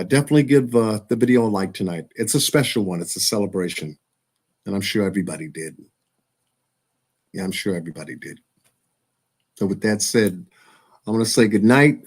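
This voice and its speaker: Man, live-stream host, unhurried, casual sign-off, laughs a lot. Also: fairly low pitch. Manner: relaxed, chatty, laughs often, drawn-out emphasis.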